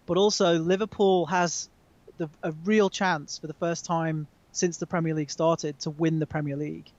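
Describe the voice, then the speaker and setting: A man's voice: fairly high pitch, flat delivery, normal speed, dry recording, dull audio. A British man, a magazine editor, chatting hesitantly with many ums as a call-in guest. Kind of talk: casual chat over a call. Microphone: remote call.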